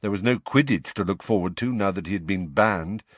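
A man's voice: deep voice, fairly quick, no room sound. A man reading an audiobook in scripted narration, voicing each character.

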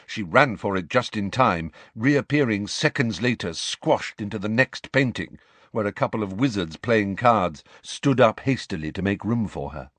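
A man's voice: on the low side, normal speed, dry recording. A man narrating a storybook audiobook expressively and voicing every character himself. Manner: expressive, plays all characters.

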